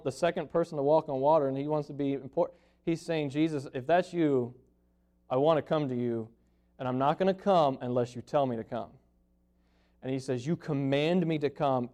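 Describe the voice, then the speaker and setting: A man preaching a sermon, swinging from loud emphatic lines to hushed ones and slowing down to stress key words. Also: high-pitched.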